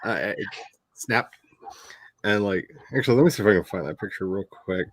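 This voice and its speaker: A man's voice: lowish voice, brisk, no room sound. A man hosting a casual writing livestream, telling stories with lots of laughter and turning tender as he reminisces. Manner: animated storytelling, laughs often; turns tender and emotional when reminiscing. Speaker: author and stream host.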